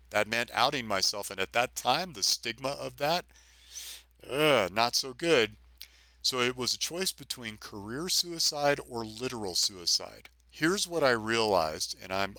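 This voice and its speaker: His voice is on the low side, pushed and bright, captured in a dry recording. He's a middle-aged retired police officer sharing his own experience on a podcast, telling it earnestly and vividly with emphatic repetition.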